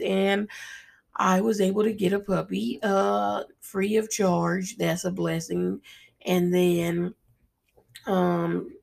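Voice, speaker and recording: A woman's voice: fairly low pitch, gravelly. A young adult woman hosting a podcast, telling a personal story in a casual, slangy and profane way, with lots of "like" fillers. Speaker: podcast host.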